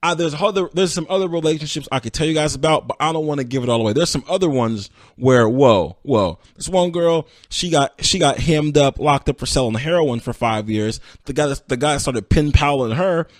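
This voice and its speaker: A man hosting a podcast, retelling stories casually and acting out the people in them with sudden high-pitched outbursts. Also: fairly quick, hardly any pauses, dry recording, clean studio sound. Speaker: podcast host. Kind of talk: casual storytelling recap.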